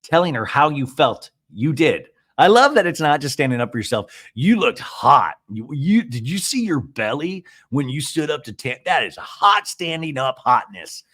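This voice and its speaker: A man hosting a comedic TV recap podcast, retelling scenes in an animated, gossipy way. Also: fairly high pitch, normal speed, hardly any pauses. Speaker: podcast host.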